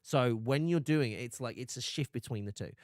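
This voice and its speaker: A man's voice: mid-range voice, fairly quick, no room sound, clean studio sound. A man streaming live, chatting casually and animatedly, often restarting and laughing.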